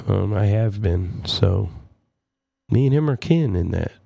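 Brief: male host reacting to clips, gravelly voice, dry close sound, chatty and relaxed. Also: lowish voice, a little slow, no echo, lo-fi sound. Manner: relaxed, chatty, asks the audience. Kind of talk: casual commentary.

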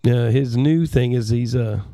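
A man hosting a show, giving relaxed, chatty commentary on clips and asking his audience questions. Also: mid-range voice, measured pace, dry recording, studio quality. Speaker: host reacting to clips. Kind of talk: casual commentary.

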